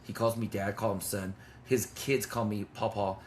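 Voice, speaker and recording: A man's voice: lowish voice, little pitch movement, moderate pace, slight background noise. A man in his fifties telling a personal story with intensity and blunt, swearing talk, as a men's ministry leader. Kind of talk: testimony in conversation.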